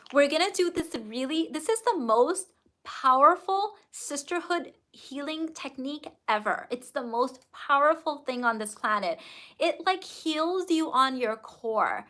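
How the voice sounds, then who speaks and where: Woman coach on a casual stream reading viewer comments, high bright voice, super gushy and emphatic. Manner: effusive and emphatic, with casual swearing. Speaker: business coach and host.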